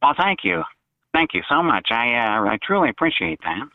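A man's voice: mid-range voice, very animated, normal speed, no room sound, natural voice. A man putting on a brash cartoonish caller. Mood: boastful. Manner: taunting, exaggerated put-on voice. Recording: tinny phone line.

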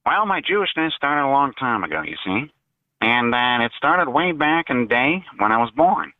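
A man's voice: medium pitch, big pitch swings, moderate pace, no echo, lightly acted. A man calling in with a brash, cartoonish put-on voice, taunting and boasting. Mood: boastful. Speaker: caller. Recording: tinny phone line.

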